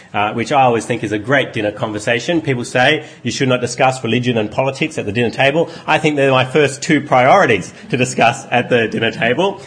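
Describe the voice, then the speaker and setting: A pastor preaches a sermon conversationally, putting rhetorical questions to his listeners. His voice is mid-range with a fairly bright tone.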